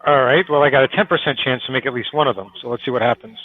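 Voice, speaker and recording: A man's voice: medium pitch, rapid-fire. A man playing a tabletop game, chatting casually and thinking aloud. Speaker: player. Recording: muffled, faint hiss.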